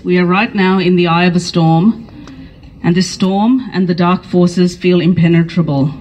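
A woman's voice: on the low side, moderate pace, a little mellow, rough recording. A woman giving an earnest, rousing speech at an outdoor rally, repeating phrases for emphasis. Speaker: politician speaking at a rally.

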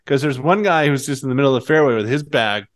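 A man's voice: medium pitch, quick pace. A man in casual chat, telling a story with animation, laughing as he goes and acting out the voices of the people in it. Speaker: podcast co-host.

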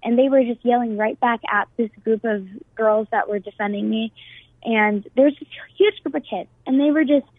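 A woman's voice: a little high, normal speed, no echo, phone-quality sound. A young woman guest on a talk show, earnestly recounting a personal experience with frequent fillers and restarts. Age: young adult.

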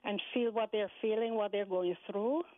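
A woman with a Guyanese accent calling in to a radio show, polite and soft-spoken. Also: medium pitch, fairly even intonation, moderate pace, no echo. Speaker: caller. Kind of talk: call-in radio conversation. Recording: tinny phone line.

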